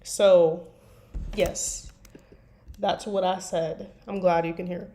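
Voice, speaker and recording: A woman's voice: fairly low pitch, fairly even intonation, slow pace, warm tone, slight background noise. A woman chatting casually to viewers on a live stream while she writes fan fiction, rambling and poking fun at herself. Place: at a computer desk. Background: faint keyboard typing and clicks.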